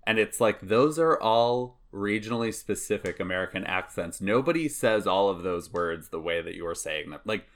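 A man co-hosting a podcast, chatting casually and giving animated, drawn-out emphasis. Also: on the low side. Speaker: podcast co-host.

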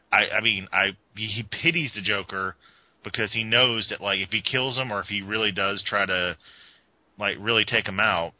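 A man chatting on a podcast in a low voice, rambling along with lots of fillers and false starts. The sound is dull and lo-fi, and it is very dry, with no room at all. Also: no room sound. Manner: rambling, many fillers and restarts. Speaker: podcast co-host. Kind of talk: casual podcast chat.

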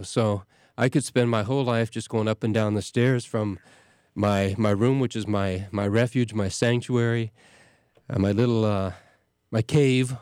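A middle-aged man, a parish priest hosting a show, talking casually in a halting way with many restarts and fillers. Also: medium pitch, darkish tone, no room sound, studio quality. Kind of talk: casual talk.

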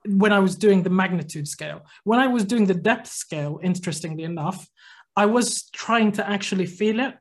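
Speaking a little fast in a voice that sits high, this man co-hosts a podcast. He's casually spinning a long, animated anecdote and acting out the quotes of the people in it.

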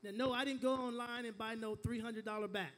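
High-voiced man preaching a sermon. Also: fairly even intonation, a little fast, a bit bright. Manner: storytelling with call-and-response to the congregation; frequent stammered restarts. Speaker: pastor.

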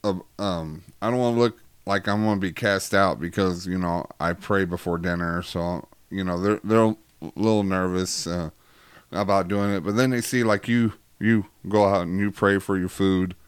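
A low, smooth-voiced man hosting a casual faith chat. He rambles and jokes, packing his talk with fillers, and the sound is dry and close. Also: steady tone, moderate pace, no room sound. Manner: rambling, jokey, many fillers. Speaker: host.

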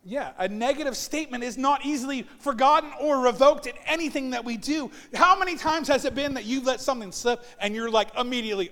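A man's voice: very high-pitched, fast talker, few pauses, a bit bright, in a large hall. A man preaching a sermon as pastor, telling personal stories and acting out the voices of people he quotes. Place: church sanctuary.

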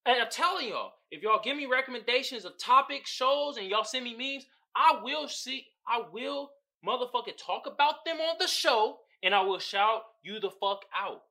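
A man hosting a podcast, in casual comedic commentary that is animated and profane, with frequent laughs. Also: very high-pitched, normal speed, hardly any pauses. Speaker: podcast host.

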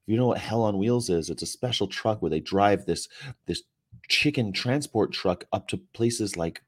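Broadcasting casually from a hotel room, a vegan activist host reads viewer comments in a sarcastic, joking, rambling manner. His voice is on the low side and breathy at the edges, with lively intonation at a moderate pace.

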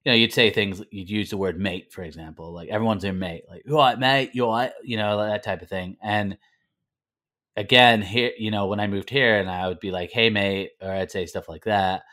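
A man from the north of England who now speaks with an American accent tells his story as an interview guest, full of fillers and restarts. His voice is low and steady, brisk, with a pushed, bright quality, in a conversational interview.

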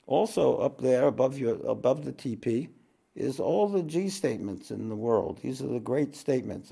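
A man teaching a spiritual talk to an audience, unhurried, repeating his phrases and often clearing his throat. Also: medium pitch, expressive, dark tone.

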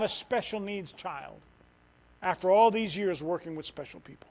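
A middle-aged missionary preaches a sermon in a church, animated and swinging from loud outbursts to quiet, tender passages. His voice sits high, he speaks at a moderate pace, and the recording is low quality.

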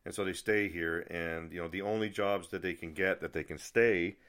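A man's voice: low-pitched, steady tone, normal speed, a bit bright. A man telling a story in a casual, rambling rant, exasperated, with frequent restarts and mild swearing. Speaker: vlogger.

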